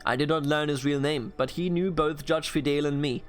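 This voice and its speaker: A man's voice: on the high side, fairly even intonation, soft background music, natural voice. A man reading as a remorseful drunkard father. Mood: pleading. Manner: pleading, halting, read from game text. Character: remorseful middle-aged drunkard father on trial.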